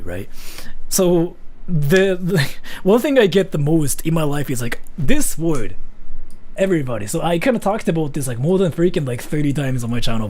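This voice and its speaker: A man from Japan chatting casually with his stream chat, rambling with lots of fillers. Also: on the high side. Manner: loose and rambling, many fillers, lively ups and downs. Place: VR chat room.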